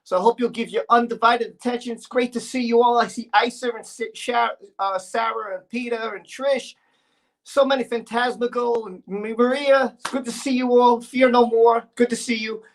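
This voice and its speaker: A man hosting a livestream in casual, excitable, chatty talk. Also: extremely high pitch, normal speed. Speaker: livestream host.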